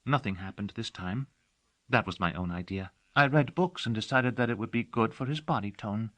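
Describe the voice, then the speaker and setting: A man's voice: on the low side, moderate pace, fairly bright tone, dry recording, pitched above the performer's own voice, natural voice. A man reading an audiobook, voicing a devoted young female servant who talks earnestly and dotingly. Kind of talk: audiobook character voice.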